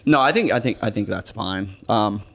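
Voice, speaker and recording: Chill dude with a lowish voice chatting on a podcast, says dude a lot. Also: male voice, animated, moderate pace, gravelly, very noisy. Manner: laid-back, says dude and bro. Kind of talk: casual chat.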